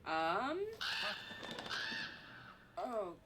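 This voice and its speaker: A woman's voice: mid-range voice, animated, very slow, heavy background noise. A young woman with an English accent, streaming a game live, reading notes aloud and chatting in a rambling way, swearing casually and laughing often.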